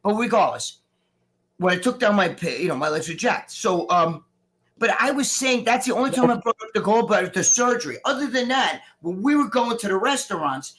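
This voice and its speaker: High-pitched and fairly bright, this middle-aged man speaks briskly and with animation. Still recovering from surgery, he's a guest in a casual live-stream chat, ranting hotly, rambling, and swearing a lot.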